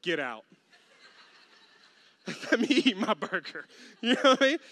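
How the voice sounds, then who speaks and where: A man's voice: very high voice, fairly quick. A man preaching a sermon with humor and acted-out voices. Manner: animated, humorous, acts out quoted voices. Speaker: pastor.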